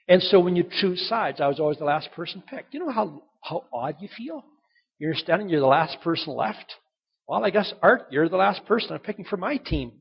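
A pastor preaching a sermon, emphatic and conversational, who drives home key points by repeating them, in a dull lo-fi recording. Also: male voice, high voice, vocal fry, breathy edge.

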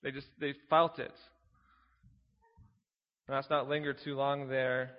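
A man's voice: medium pitch, flat delivery, unhurried, big-room sound, dull audio. A man preaching a sermon, teaching earnestly, reading scripture aloud and posing rhetorical questions.

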